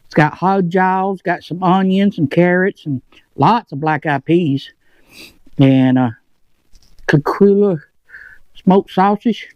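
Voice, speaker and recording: A man's voice: high voice, slow, dry recording, muffled recording. Man rambling with his mouth full. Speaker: motovlog channel host. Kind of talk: casual chat while eating. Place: home shed.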